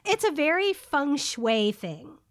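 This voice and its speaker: A woman's voice: sits high, sing-song, slow pace. A woman in her forties co-hosting a casual chat show, playful and giggly. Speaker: podcast co-host.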